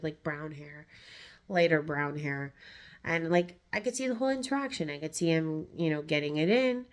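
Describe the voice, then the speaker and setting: A woman vlogger telling a personal story in a candid, blunt way, swearing and filling her talk with "like". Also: fairly low pitch. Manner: candid, blunt, profane, many filler "like"s.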